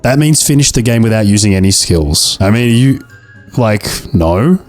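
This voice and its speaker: A man's voice: on the low side, expressive, moderate pace. A young man giving let's-play commentary, jokey and mock-dramatic about his own failures, with faint game music behind him. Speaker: gaming video creator.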